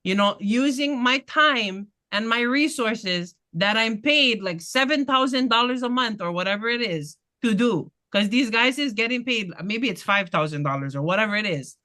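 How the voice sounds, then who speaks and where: Woman candidate, punchy bright voice, blunt and fired up at a town meeting. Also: a little high, moderate pace, hardly any pauses. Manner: passionate, blunt, laughing asides. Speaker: political candidate. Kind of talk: community meeting talk.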